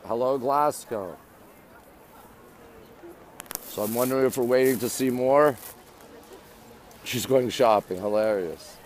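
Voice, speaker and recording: This Canadian host streams live from a phone on city monument steps, greeting his audience and reading comments in chatty snippets. He speaks at a medium pitch, slowly and with long pauses, over a little hiss or hum.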